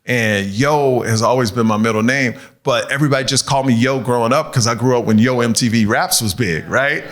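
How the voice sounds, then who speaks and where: A man doing a stand-up set on stage, an animated storyteller who laughs as he talks. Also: medium pitch, fairly quick. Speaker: stand-up comedian. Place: comedy club stage before a live audience. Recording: live set with audible crowd noise.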